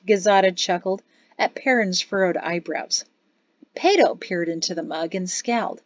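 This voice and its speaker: A woman's voice: on the low side, normal speed, no echo. Give me a woman narrating an audiobook in a dry, slightly dull recording. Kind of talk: scripted narration.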